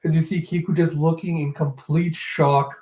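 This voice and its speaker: A man retelling a comic chapter for his viewers, walking through each panel in an animated second-person way. His voice sits slightly high for a man. The sound rings in a roomy, echoey room. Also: normal speed. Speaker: comic reviewer.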